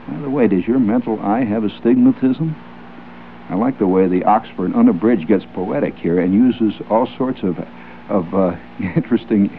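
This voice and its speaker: Male radio host with a wisecracking manner, faint hiss on a lo-fi old radio recording. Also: fairly low pitch. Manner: wry, joking, chuckling asides. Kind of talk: ad-libbed radio patter. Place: radio studio.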